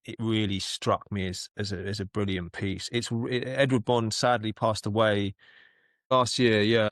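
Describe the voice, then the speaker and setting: A man talks casually on a podcast, his voice sitting on the low side. He tells stories in a halting, chatty way, repeating words as he goes. The sound is dry and close, with no room around it. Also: dry recording. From London, England. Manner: anecdotal, restarts and repeats words often. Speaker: actor and podcast co-host.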